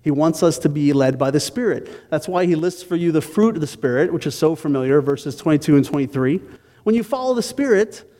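Male preacher, fairly high voice, self-mocking storyteller in a hall with long reverb. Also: lively intonation, fairly quick, warm tone. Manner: self-mocking storytelling with wry asides to the congregation. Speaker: pastor. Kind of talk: sermon with personal story.

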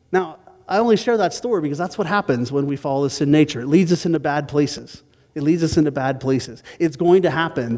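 A pastor preaching a sermon, telling a personal story with self-mocking asides to the congregation. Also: male voice, fairly high pitch, a little mellow, long reverb tail.

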